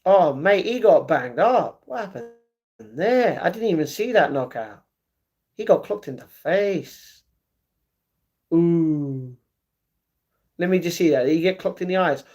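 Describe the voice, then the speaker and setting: A man live-streaming who reads his viewers' chat aloud and argues back, with excited reactions to a fight he is watching. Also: sits high, moderate pace. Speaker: livestreamer. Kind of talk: casual livestream chat.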